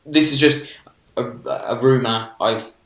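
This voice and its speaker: A man's voice: mid-range voice, measured pace. British man, matter-of-fact podcast chat. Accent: British English. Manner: relaxed, matter-of-fact, dry retorts. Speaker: podcast co-host. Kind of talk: casual chat. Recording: echoey room.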